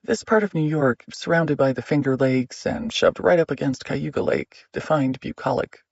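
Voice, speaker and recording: A man narrating an audiobook in a measured, steady reading. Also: on the high side, no room sound, highs cut off.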